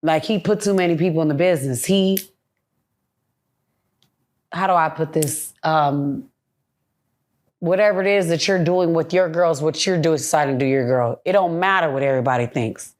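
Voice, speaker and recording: A woman's voice: low voice, normal speed, long pauses. A young woman, a podcast guest, talking bluntly and heatedly in a candid interview, with plenty of swearing. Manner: blunt, profane, heated ranting.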